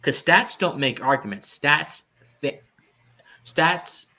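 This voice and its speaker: A man's voice: on the high side, slow, pushed and bright. A man co-hosting a podcast, giving lecturing philosophical commentary with searching restarts and sudden emphatic jumps. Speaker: podcast co-host.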